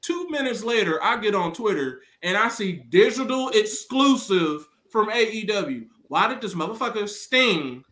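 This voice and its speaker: A man co-hosting a wrestling podcast, telling stories in animated, profane casual chat and acting out quotes loudly. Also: sits high, moderate pace, hardly any pauses, echoey room. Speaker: podcast co-host.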